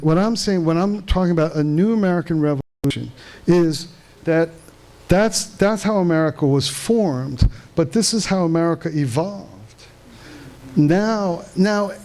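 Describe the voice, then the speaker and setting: A man giving a live lecture to an audience at a conference in a hall, halting and restarting often as he asks the room questions. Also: fairly high pitch, a little mellow. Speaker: conference speaker. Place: veterans hall, indoors.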